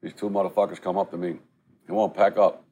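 A man's voice: sits low, little pitch movement, quick pace, gravelly, warm tone. A middle-aged man, telling stories bluntly and swearing freely in a casual chat at a restaurant. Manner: profane, blunt, street-talking. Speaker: podcast co-host.

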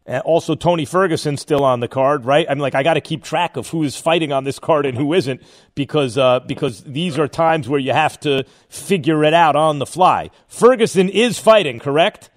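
A man hosting a sports radio show, interviewing a guest and thinking out loud with restarts as he probes. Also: a little high, moderate pace. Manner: probing, thinks aloud with restarts.

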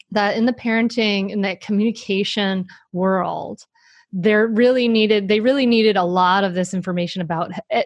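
A woman guest author answering interview questions in a lively, self-deprecating way, laughing often. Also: medium pitch, no room sound.

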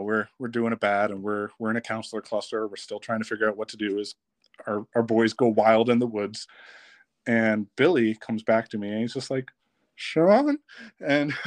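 A man's voice: mid-range voice, no room sound. Man telling camp stories with a dry, close sound. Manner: lively, laughs while telling stories. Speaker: podcast guest, former camp counselor. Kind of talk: casual storytelling.

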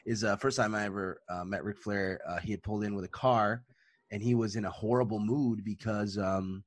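Casual storyteller, man in his 30s, husky tone, rambling and full of fillers. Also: on the low side, a little fast, no room sound. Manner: rambling, animated, many fillers. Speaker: podcast co-host.

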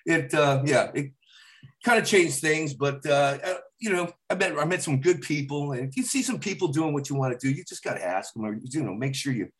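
A man's voice: fairly high pitch, a little fast. A middle-aged man, a comedian, telling stories in casual chat and acting out the lines of the people in them. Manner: animated storyteller acting out his dad's lines. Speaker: comedian guest.

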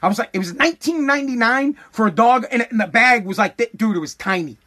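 A man's voice: very high-pitched, animated, fast talker, sharp tone. A man telling a comic story as a profane, exasperated rant, full of stammered restarts. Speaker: comedic storyteller.

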